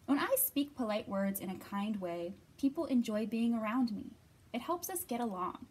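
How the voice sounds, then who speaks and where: A woman librarian leading a children's storytime, reading aloud in an expressive, bright manner and acting out the quoted lines. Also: on the high side, moderate pace, breathy edge.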